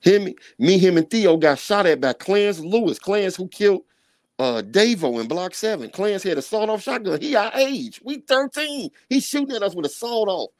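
Animated man telling a story. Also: high-pitched, normal speed, no echo. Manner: animated street slang, scatting sound effects. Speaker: podcast guest. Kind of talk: casual storytelling.

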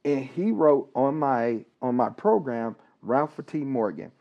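A man, a licensed counselor, telling a personal story on a podcast, talking haltingly with pauses, restarts and repeated words. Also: medium pitch, animated. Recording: dull, slightly lo-fi recording.

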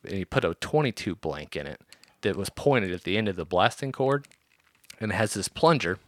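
A man telling a story on a podcast in a casual, animated and profane way. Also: lowish voice, normal speed, no echo.

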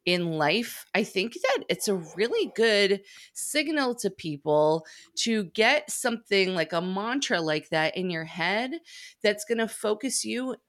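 A woman's voice: medium pitch, lively intonation, unhurried, a bit bright. A woman interviewing a guest in a casual, affirming and reflective way.

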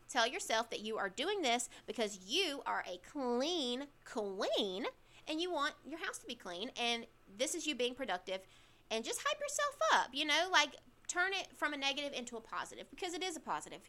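A young woman with a lilt hosts her own podcast from a corner of her bedroom. Her voice sits a little high and sounds bright and lively. She talks in an emphatic, chatty way and drops self-deprecating asides. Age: young adult. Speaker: podcast host. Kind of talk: casual advice monologue.

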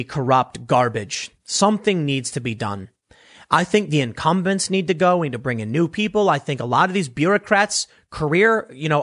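A man's voice: a little high, a bit bright. A man giving blunt, sarcastic political commentary, reading news clippings aloud and often correcting himself mid-sentence.

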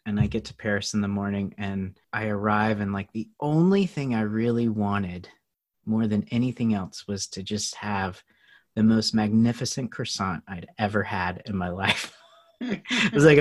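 A man telling a personal story as a guest in a casual interview, animated, often laughing and acting out what others said. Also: on the low side. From United States.

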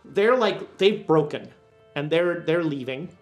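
Low-voiced woman running a tabletop game. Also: unhurried, faint music behind. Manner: relaxed, filler-heavy storytelling. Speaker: game master. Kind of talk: narrating a tabletop horror game.

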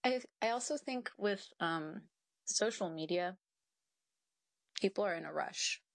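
A woman's voice: mid-range voice, unhurried, vocal fry, no echo, studio quality. A young woman chatting as a podcast guest, telling stories with frequent laughter and acting out her own thoughts. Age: young adult. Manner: animated storyteller who laughs often and acts out her own thoughts. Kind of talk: casual conversational interview.

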